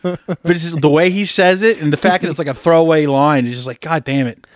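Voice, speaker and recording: A man co-hosting a podcast, chatting casually, swearing freely, and retelling comedy movie scenes with lively impressions. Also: on the high side, quick pace, dry recording, studio quality. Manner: animated storytelling, swearing, acting out movie lines. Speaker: podcast co-host. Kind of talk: casual chat.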